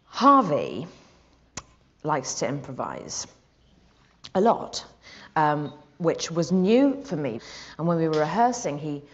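A woman in her forties from England, an actress telling a comic story to an audience in an animated, giggly way. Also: deep voice, slow pace, long pauses. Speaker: actress guest. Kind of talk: comic anecdote before an audience. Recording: muffled audio, loud audience.

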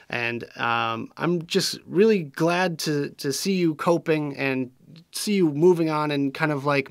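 A man's voice: mid-range voice, fairly bright tone, clear, resonant tone, no room sound, studio quality. A man hosting a vlog, reading viewer messages aloud and answering them in an earnest, rambling way, full of fillers and restarts. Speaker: vlog host reading viewer shout-outs. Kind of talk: casual vlog chat.

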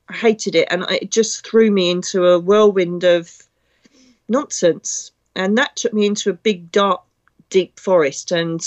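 Woman, middle-aged, medium, blunt and chatty, slightly dull recording. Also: mid-range voice. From Britain. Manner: blunt, chatty, emotional storyteller. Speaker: psychic medium. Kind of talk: casual spiritual talk.

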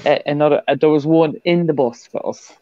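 A woman with a Dublin accent chatting casually, telling a quick story to a friend. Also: low-pitched, no room sound, dull audio. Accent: Dublin Irish. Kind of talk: casual chat.

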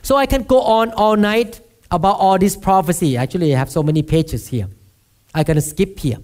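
A pastor with a Thai accent delivers a sermon in a notably high-pitched voice. He speaks with easy, self-deprecating humor and keeps asking the listeners to answer him. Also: normal speed, a little mellow. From Thailand. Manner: asks the congregation for responses, self-deprecating humor.

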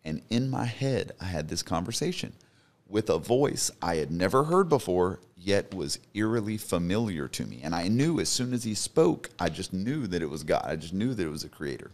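A man's voice: deep voice, sing-song, normal speed. A man in his thirties, a podcast guest, telling his personal story in an earnest, emphatic way. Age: 30s. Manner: earnest, emphatic, repeats for stress.

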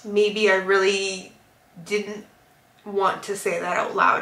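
A woman's voice: mid-range voice, little pitch movement, slow, a bit bright, echoey room. A young woman vlogger talking candidly and emotionally, rambling with lots of fillers. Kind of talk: candid confessional vlog chat. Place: car.

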